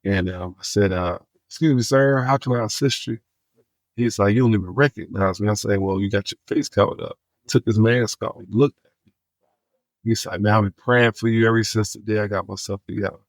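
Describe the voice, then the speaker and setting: Podcast guest, man; animated storyteller who acts out the dialogue, low voice. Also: a little fast, no room sound. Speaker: guest, homelessness outreach worker.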